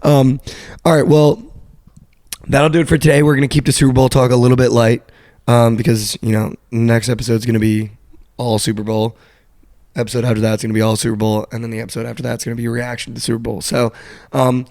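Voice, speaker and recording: A young man co-hosting a podcast, telling a story in a casual, animated way and swearing now and then. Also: mid-range voice, fast, no room sound, clean studio sound. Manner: animated storyteller, swears, quotes people flatly. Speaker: podcast co-host. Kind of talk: casual sports betting chat.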